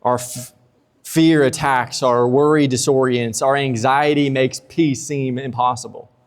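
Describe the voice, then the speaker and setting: A man's voice: medium pitch, fairly even intonation, a little slow. A man preaching a sermon, casual and humorous, acting out quotes with energy. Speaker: pastor. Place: church sanctuary. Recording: long church reverb.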